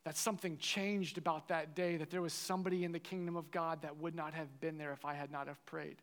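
A young man preaches from a large hall, his slightly high voice carried on a long, ringing reverb. He tells his story with animation, slipping into the voices of the people in it. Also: brisk. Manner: animated, acts out dialogue in the story. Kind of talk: sermon with personal storytelling.

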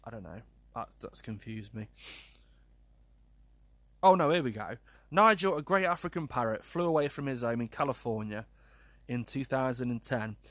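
Animated man, lively pitch. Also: normal speed, long pauses, no room sound. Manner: animated, incredulous, swears freely, laughs often. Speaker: podcast host. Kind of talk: casual podcast chat reading news stories.

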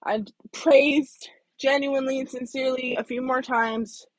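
A woman vlogging, telling a personal story candidly, swinging between hushed asides and loud bursts, with some swearing. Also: sits high, fairly even intonation, measured pace, no echo. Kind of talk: casual storytelling monologue.

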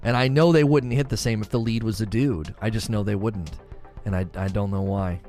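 A man's voice: fairly low pitch, fairly even intonation, a little fast, mellow, faint music behind. A man chatting casually and earnestly, often repeating himself as he talks about what moves him. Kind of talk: casual chat.

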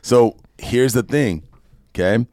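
A man's voice: mid-range voice, takes it slowly, a little mellow, no room sound, clean studio sound. A man hosting a podcast, ranting casually and emphatically with plenty of profanity. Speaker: podcast host. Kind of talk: casual opinionated podcast rant.

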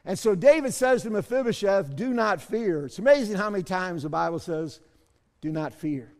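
A man pastor preaching a sermon, moving between soft asides and loud shouted bursts. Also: sits high, animated, normal speed, long reverb tail.

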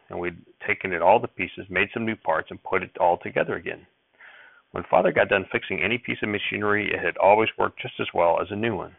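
In a low, gravelly voice, a man narrates a first-person audiobook chapter with steady storytelling. The recording is dry and has a tinny, phone-like sound.

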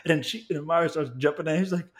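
A man's voice: fairly high pitch, fairly even intonation, rapid-fire. A young man, a podcast co-host, telling a bar story in casual, profane chat and laughing as he goes.

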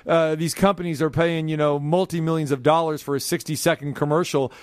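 An American man hosting a sports talk show, animated and quick to laugh. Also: on the high side, no echo, studio quality. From United States. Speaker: host.

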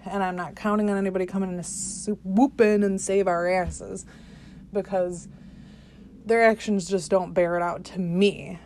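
A woman's voice: medium pitch, fairly even intonation, a little slow, a little mellow, slight background noise. A woman hosting a podcast, delivering a profane, skeptical political rant with exasperated outbursts. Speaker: podcast host. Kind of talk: ranting political monologue.

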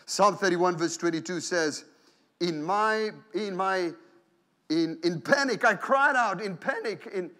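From a church pulpit, a high-voiced man, a pastor, preaches a lively sermon, performing prayers and inner thoughts in different voices. His phrasing stumbles, repeats and restarts, and his delivery is a little slow.

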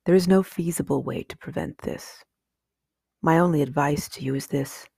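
A woman reading aloud, voicing a wise, stern old male owl who speaks slowly and formally. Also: low voice, creaky, warm tone, husky, dry recording, studio quality, heavily acted. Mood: grave. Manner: slow, grave and formal.

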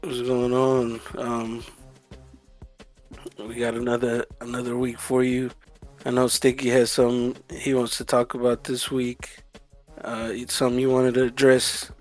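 A man's voice: medium pitch, completely flat delivery, a little slow, faint music behind. A man hosting a podcast, opening the show and prompting his co-host with easygoing questions. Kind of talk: casual chat.

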